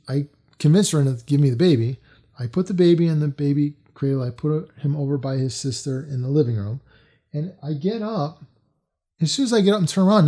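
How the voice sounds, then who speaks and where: A man's voice: on the high side, dark tone. A man telling a personal story in a casual, rambling way, full of fillers and restarts.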